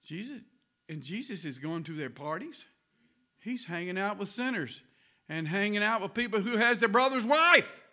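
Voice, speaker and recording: Preacher guy, real bright high voice, goes from quiet to yelling, laughs a lot. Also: animated, moderate pace. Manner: swings from quiet asides to loud shouting, laughs often. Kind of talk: sermon.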